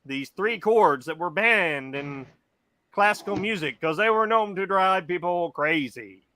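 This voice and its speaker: Man, casual podcast co-host, high bright voice, profane rambling, faint room hum behind. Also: animated, a little slow. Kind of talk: casual chat.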